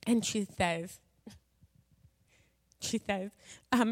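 With a medium-pitched, somewhat bright voice at an ordinary pace, a woman tells a gathering her personal story of faith. She's conversational, sprinkling in fillers and side remarks, and the hall gives a long reverb.

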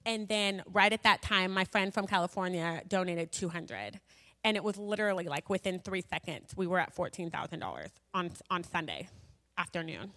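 A woman shares her personal faith testimony with a gathering, speaking at normal speed in an expressive, medium-pitched, fairly bright voice. Her delivery is chatty and full of fillers and asides, with long hall reverb on the recording.

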